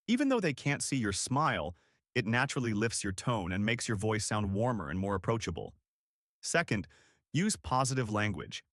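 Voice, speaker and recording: A male instructor narrates a scripted lesson with clear, deliberate articulation. His pitch swings widely and expressively. The sound is close and dry, with no room around it. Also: very animated, a bit bright, dry recording. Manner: clear, deliberate coaching delivery.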